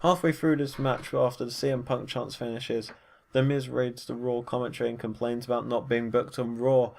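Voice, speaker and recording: A man's voice: mid-range voice, little pitch movement, moderate pace, creaky. A man giving a casual, rambling recap of wrestling matches, full of fillers and self-corrections. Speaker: wrestling show reviewer.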